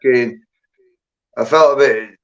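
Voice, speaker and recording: An English livestream guest with a mid-range voice rambles through stories at a measured pace, swearing a lot and adding "and that" to the ends of his sentences. The stream audio is dull and lo-fi.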